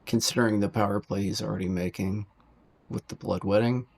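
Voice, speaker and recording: A man playing a tabletop role-playing game, speaking his character's lines in a measured, deliberate way. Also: on the low side, steady tone, creaky, a little mellow.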